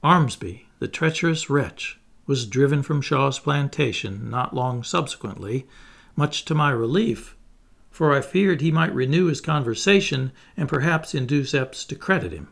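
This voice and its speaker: A man reading a first-person memoir aloud in a measured, solemn way. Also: mid-range voice, expressive, vocal fry, a bit bright. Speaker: audiobook reader.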